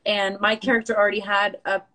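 A woman's voice: mid-range voice, level tone, fairly quick, fairly bright tone. A woman in her thirties hosting a casual Instagram live chat on her phone, chatty and rambling, laughing often. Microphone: phone livestream.

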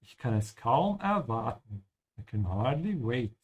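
A man hosting a live-streamed lesson, explaining German pronunciation slowly and switching between English and German. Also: medium pitch, very animated, a crowd in the background. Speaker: language teacher and stream host.

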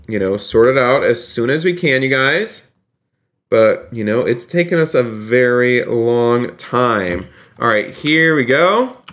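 Excitable man gushing on a game stream. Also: mid-range voice. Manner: effusive, gushing thanks to donors; excitable, repeats exclamations. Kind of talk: live game-stream chat.

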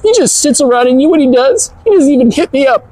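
A man putting on a falsetto voice to play a whiny, lovesick young Gen Z woman in a comedic live-stream sketch, with giggles and a whining delivery. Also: expressive, fast, a little mellow, no echo, rough recording.

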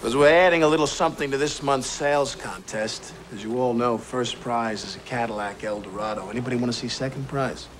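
A man's voice: medium pitch, fairly quick, hardly any pauses, a little hiss or hum, lightly acted. An actor playing a blunt, hard-driving sales manager who drills slogans into his team. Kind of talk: comic pep talk to a sales team.

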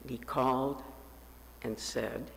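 Slow gravelly man telling a story. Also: fairly even intonation, in a large hall. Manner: slow, lifts his pitch for quoted voices. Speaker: pastor. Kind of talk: sermon storytelling. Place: church sanctuary.

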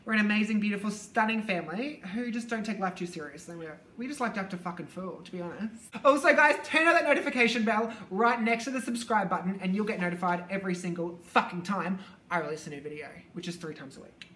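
A woman's voice: medium pitch, quick pace, a bit bright. A young woman hosting a casual vlog with friends, bubbly and laughing, swearing freely as she chats. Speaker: YouTube vlogger host. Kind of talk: casual chatty intro with friends. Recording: echoey room.

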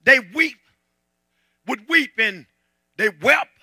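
Southern pastor, very high bright gravelly voice, dry close sound, shouting sermon with call-and-response. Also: male voice, lively intonation, slow, no echo. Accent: Southern American. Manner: preaching with call-and-response, shouting and half-singing. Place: church sanctuary.

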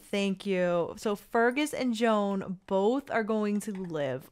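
A woman chatting her way through a life-sim game, her voice sitting at an ordinary middle pitch. She swings from nervous pleading to gushing delight as she plays. The delivery is loose and unscripted, like talking straight into a desktop mic. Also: takes it slowly, hardly any pauses, clean tone. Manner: excitable and chatty, pleading with the dice, cooing at characters. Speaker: gaming channel host. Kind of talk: casual let's-play commentary.

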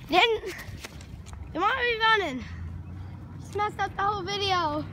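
A woman's voice: very high voice, expressive, a little slow, long pauses. A woman vlogging outdoors in casual chat, playful and talkative, filming with a handheld camera on a street. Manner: chatty, playful, jumps between loud and hushed. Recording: loud outdoor street noise, traffic. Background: traffic and street noise.

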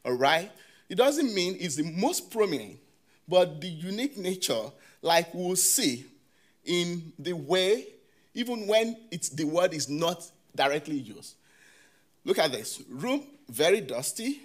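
A man gives an academic conference talk in a high, sing-song voice. Halting and prone to restarts, he sprinkles in "you know" and throws questions out to the crowd.

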